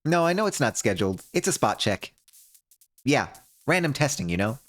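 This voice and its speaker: A breezy, sly young crewwoman, as a male streamer puts her on for a video game, light and high-pitched compared with his usual voice. Her lines land over game music. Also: very animated, normal speed, a bit bright. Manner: breezy, fibbing with a smile.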